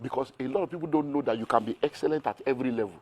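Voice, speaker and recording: Fast-talking Nigerian man. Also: medium pitch. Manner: energetic, piles up rhetorical questions. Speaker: business mentor as guest. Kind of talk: animated interview talk.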